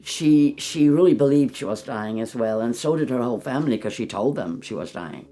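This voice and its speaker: A spiritual channeler telling a story gently, calling the listener beloved and sinking into a soft whisper. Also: mid-range voice, lively intonation, a little fast.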